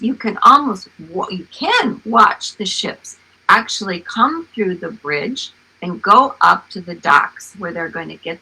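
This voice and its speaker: An older woman reads from her own memoir at an unhurried pace, her voice husky with a gravelly edge. Her tone is bright, and her storytelling is lively and expressive. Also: mid-range voice, rough recording. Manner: slow, expressive storytelling with animated exclamations. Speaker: author reading her memoir. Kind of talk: storytime reading and chat.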